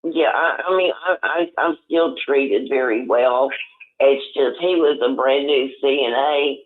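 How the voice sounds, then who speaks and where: An older man calling in on the phone, talking in a rambling, halting way with many restarts. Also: mid-range voice. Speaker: caller. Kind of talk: casual phone chat. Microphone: telephone. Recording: tinny phone line.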